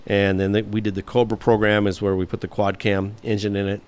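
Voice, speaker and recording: A man's voice: on the low side, flat delivery, brisk, a little mellow, smooth. A man in his fifties, a guest on an interview show, telling long stories with loose, rambling phrasing and many fillers. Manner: rambling, anecdotal, frequent "you know" fillers. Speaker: guest, former automotive engineer. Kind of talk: storytelling interview answers.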